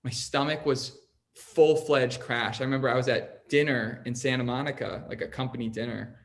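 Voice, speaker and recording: A young man talks through a personal story on a podcast in loose, casual chat. He leans on "like" constantly and stays earnest, and his voice sits at an ordinary middle pitch. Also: fairly even intonation, moderate pace. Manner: rambling, heavy use of "like", earnest. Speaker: podcast host telling his own story.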